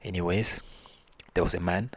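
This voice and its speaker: A man telling folk stories in a relaxed, rambling way. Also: low voice, moderate pace, a little hiss or hum. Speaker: storyteller. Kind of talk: casual folk storytelling.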